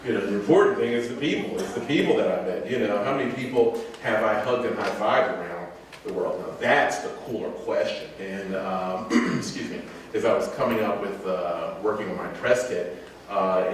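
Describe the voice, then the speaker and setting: Casual male storyteller with a low voice, recorded from afar with faint room noise. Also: normal speed. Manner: rambling, laid-back, swears casually, laughs often. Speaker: speaker telling travel stories. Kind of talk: casual public talk with audience questions. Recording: echoey room, mic far off, faint noise.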